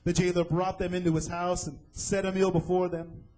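A man's voice: sits high, flat delivery, brisk, warm tone, poor audio. A man preaching a sermon, retelling a scripture story dramatically and asking the listeners questions.

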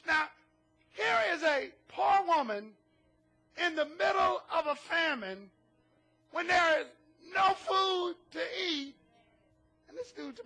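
Very high-pitched gravelly preaching man. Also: measured pace. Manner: animated preaching, often shouting; humorous asides. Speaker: pastor. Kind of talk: sermon.

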